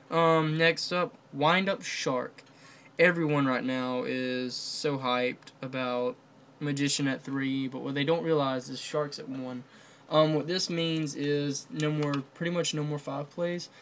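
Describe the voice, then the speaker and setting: A man's voice: medium pitch, fairly even intonation, measured pace, gravelly, a bit bright. A man casually commenting on a card game ban list, rambling with many fillers and restarts. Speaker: card game video host.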